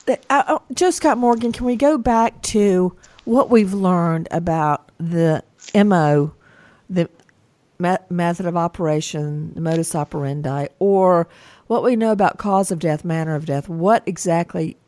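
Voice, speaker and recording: A woman's voice: lowish voice, a little slow, darkish tone, no echo. A woman hosting a true crime news program with an emphatic, insistent delivery. She repeats words for weight and questions her guests directly. The studio sound is dry and close. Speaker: host.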